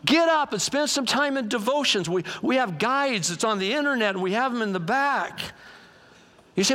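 A male pastor preaching a conversational sermon in a church, animated and folksy, joking and acting out quotes. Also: very high-pitched, moderate pace.

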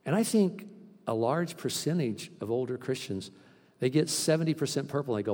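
A man preaching a sermon as pastor, animated and acting out the voices he quotes. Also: mid-range voice, fairly quick. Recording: long reverb from a hall.

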